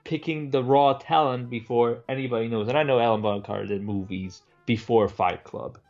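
A man with a gravelly, creaky voice talks through a film in a relaxed podcast chat. He banters and swears freely with his co-host. The sound is a bit dull, with faint music underneath. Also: medium pitch, fairly quick. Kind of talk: casual film discussion.

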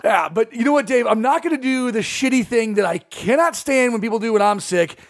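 A man's voice: extremely high pitch, lively intonation, a little fast. A man hosting a casual podcast, joking animatedly and laughing often. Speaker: podcast host and stand-up comedian.

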